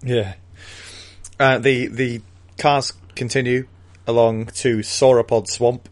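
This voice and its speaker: A man's voice: medium pitch, level tone, slow. A man co-hosting a casual book discussion, retelling scenes with playful quoted voices and frequent laughter. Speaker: podcast co-host.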